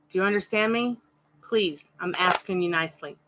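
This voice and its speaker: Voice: medium pitch, normal speed, background noise. A tarot reader hosting a live stream, chatting casually with viewers and addressing them by name, firm but polite.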